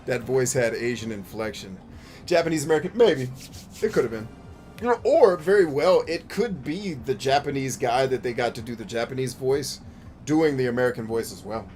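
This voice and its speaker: A man streaming a video game, riffing in a joking, profane, animated way. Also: mid-range voice, normal speed, faint music behind. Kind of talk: casual let's-play commentary.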